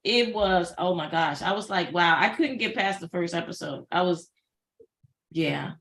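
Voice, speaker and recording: A middle-aged woman co-hosting a casual chat review, chatty and exclaiming with quick asides. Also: lowish voice, expressive, a bit bright, reverberant. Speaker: co-host.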